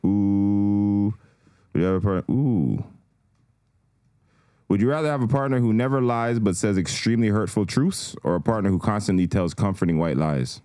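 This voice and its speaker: A man hosting a casual podcast, putting quickfire would-you-rather questions to his guests. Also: on the low side, a little mellow, no echo. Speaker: podcast host.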